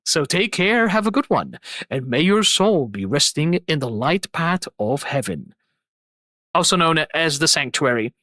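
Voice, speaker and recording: A woman's voice: low voice, sing-song, a little slow, fairly bright tone, dry recording. A woman streamer signing off her stream in a casual, effusive, rambling way, repeating her thanks. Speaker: streamer and host.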